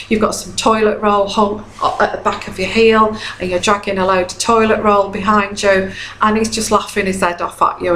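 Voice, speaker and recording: A woman's voice: medium pitch, a bit bright, slight background noise. Chatty woman in an echoey room. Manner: chatty, repeats herself, frequent "okay?" checks. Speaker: tarot reader. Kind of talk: casual advice monologue.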